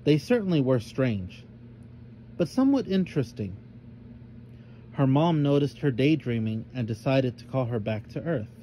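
Storyteller, man, mellow dark tone, faint hiss behind. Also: medium pitch, normal speed, long pauses, poor audio. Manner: expressive, voices each character. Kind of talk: storybook read-aloud narration.

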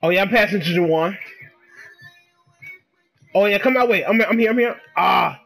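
A man giving excitable, trash-talking commentary while he plays a game, dropping to low mutters and then bursting into shouts. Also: normal speed, creaky, faint music behind. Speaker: gamer. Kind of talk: live gameplay commentary.

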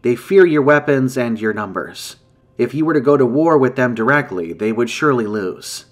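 A man voicing an ancient, grave female dragon in human form, speaking in a measured, formal way in a campfire story. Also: medium pitch, lively intonation, faint music behind, close to an everyday voice. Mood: solemn. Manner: solemn, measured, formal speech.

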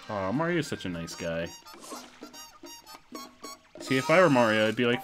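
Young male streamer, lively swooping delivery, playful running commentary over soft game music. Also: lowish voice, normal speed, long pauses. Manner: excitable, expressive, jokey. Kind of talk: casual gameplay commentary.

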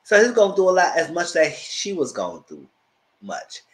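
A man giving a casual, animated recap of a reality show, acting out quotes in a squealing high voice and breaking into loud laughs. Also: normal speed, poor audio. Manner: loud laughs and shouted asides. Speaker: TV show reviewer.

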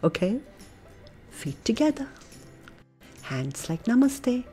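American woman, preschool teacher, slow unhurried kids' yoga story, lively swoops, faint music behind. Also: on the low side. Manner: animated, playful, coaxing, with soft breathy asides. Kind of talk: reading a picture book with yoga poses for children.

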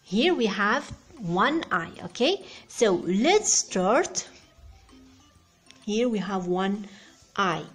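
A woman with Arabic as her first language teaching beginner English, patient and slow, spelling out words and checking "okay?" often. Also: medium pitch, big pitch swings, soft background music.

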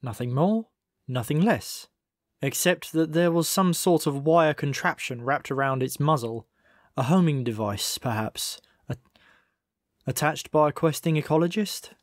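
A man reading a comic novel aloud as audiobook narrator, in a measured, dry storytelling manner. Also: a little high, dry recording. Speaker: audiobook reader. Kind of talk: scripted narration.

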